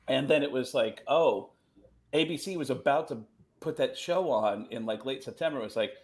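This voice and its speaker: A male comedian telling animated anecdotes in casual chat over a video call, dropping into quick impressions. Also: medium pitch. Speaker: comedian guest.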